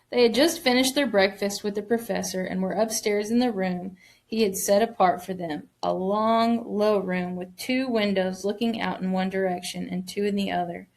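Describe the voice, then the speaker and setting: A woman's voice: mid-range voice, darkish tone. A woman teacher reading a children's novel aloud to her students, stopping to explain reading points and stressing key words.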